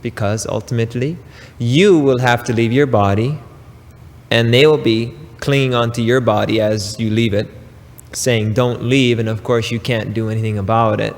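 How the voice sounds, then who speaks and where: A man giving a spiritual talk, preaching slowly and emphatically with pauses and casual asides. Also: mid-range voice, fairly even intonation, in a large hall. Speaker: spiritual teacher.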